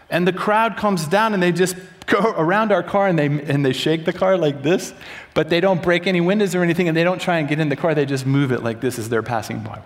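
A middle-aged man preaching a sermon, telling stories and acting out the quoted lines with sudden jumps up in pitch. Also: a little fast. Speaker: pastor.

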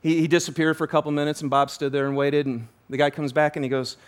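A man preaching a sermon as pastor, telling a story with animated energy, often restarting and repeating words. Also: fairly high pitch, quick pace, smooth.

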